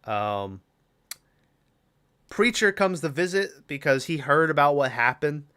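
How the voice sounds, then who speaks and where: Man, podcast co-host, casual movie recap, rambling, swears, crisp voice. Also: on the high side, very animated, unhurried, sharp tone. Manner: rambling, profane, lots of fillers.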